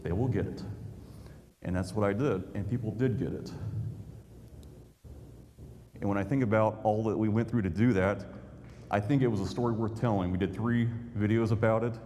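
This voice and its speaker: A man's voice: on the low side, fairly even intonation, normal speed, long pauses, dark tone. A man, a YouTuber giving a folksy storytelling talk to an audience. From Indiana, USA. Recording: long hall reverb, faint noise.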